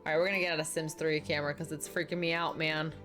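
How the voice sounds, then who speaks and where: Chatty young woman streamer, lowish voice. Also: little pitch movement, quick pace, music in the background. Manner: chatty, talks straight to the chat and answers viewers by name. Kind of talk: casual live-stream chat while building in a life-sim game.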